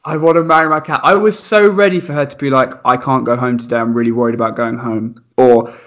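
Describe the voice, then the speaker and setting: A young man, a primary school teacher, telling funny stories in casual chat, animated and laughing, acting out voices. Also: mid-range voice, quick pace. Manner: animated, laughing, acts out voices in his anecdotes.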